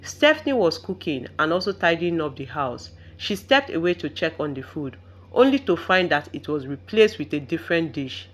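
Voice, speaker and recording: Expressive woman storyteller, lively low voice. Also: normal speed. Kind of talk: scripted story narration.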